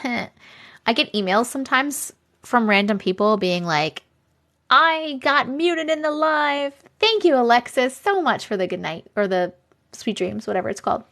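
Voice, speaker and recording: High-voiced woman chatting on a live stream. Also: fairly bright tone. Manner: chatty, laughs often, reacts to comments. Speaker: live-stream host reading viewer stories. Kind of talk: casual live-stream chat.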